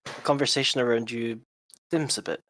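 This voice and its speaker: A man running a live tabletop game as game master, talking in a relaxed, matter-of-fact way. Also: medium pitch, brisk, dry recording.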